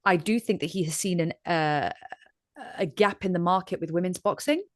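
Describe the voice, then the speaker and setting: A woman from Ireland hosts a conversational interview about boxing, lively and expressive, slipping into little acted-out voices as she tells a story. Her voice sits a touch low for a woman, and the recording is close and dry, with no room sound. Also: moderate pace, dry recording. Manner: animated storyteller, acts out voices in analogies. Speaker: host.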